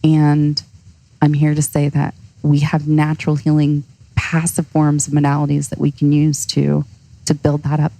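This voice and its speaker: A woman's voice: deep voice, monotone, moderate pace, vocal fry, dark tone, rough recording. An earnest, heartfelt woman, a coach, speaking as a podcast guest. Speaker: guest, cold-exposure coach. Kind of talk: podcast interview.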